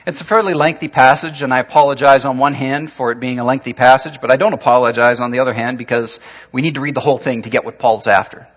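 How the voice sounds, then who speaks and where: A man preaching a sermon as pastor, telling a story that moves between lively and hushed delivery, recorded with dull lo-fi sound in a church sanctuary. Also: mid-range voice, fast talker. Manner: storytelling, shifting from animated to hushed. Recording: dull lo-fi sound with long hall reverb.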